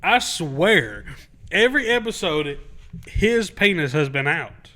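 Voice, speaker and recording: A man co-hosting a casual podcast. His voice sits a little high with a bright, tense edge. He is excitable, laughs easily and often leaves sentences unfinished. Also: slow. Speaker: podcast co-host. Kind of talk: casual chat.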